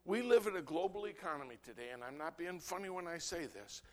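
A man, a pastor, preaching an impassioned sermon that swings between loud outbursts and low, earnest asides. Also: sing-song, quick pace. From United States.

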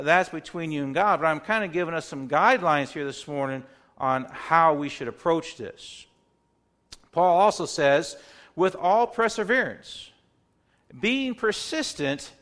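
A man's voice: on the high side, pushed and bright. A man preaching a sermon in an earnest manner, often repeating words as he stresses a point and acting out sample prayers. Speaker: pastor.

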